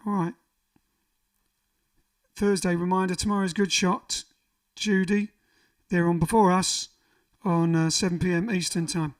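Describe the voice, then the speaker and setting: A man hosting a band livestream from a living room, chatting casually and rambling as he reads out viewer comments. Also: high-pitched. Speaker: band frontman and livestream host. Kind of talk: casual livestream chat between songs. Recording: voice a little far from the mic, faint music behind.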